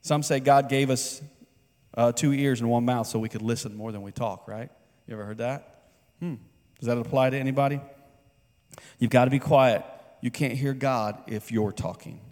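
A man's voice: mid-range voice, moderate pace, pauses often, a little mellow. Guy preaching at church, chatty, keeps asking the crowd stuff, long echo off a big hall. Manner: conversational, asks the congregation questions. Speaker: pastor. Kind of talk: sermon. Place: church sanctuary. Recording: long reverb of a large hall.

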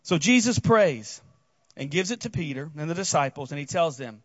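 A man preaching a casual sermon, retelling a story in an animated way with frequent restarts. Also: a little high, moderate pace, no echo, muffled recording. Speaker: pastor.

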